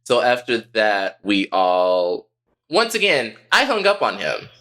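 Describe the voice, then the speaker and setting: A young man co-hosting a podcast, telling a personal story in a candid, profane, animated way. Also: fairly low pitch, slow pace. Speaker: podcast co-host.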